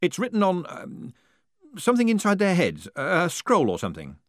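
A man's voice: high-pitched, huge pitch swings, normal speed, no room sound, clean studio sound, voice pushed up. A man voicing a glib male con man in an audiobook reading.

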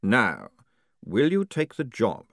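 A man voicing a dry, politely menacing male ruler who speaks in a measured way. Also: medium pitch, wildly swooping pitch, creaky, a bit bright, no room sound, full character voice. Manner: measured, unhurried.

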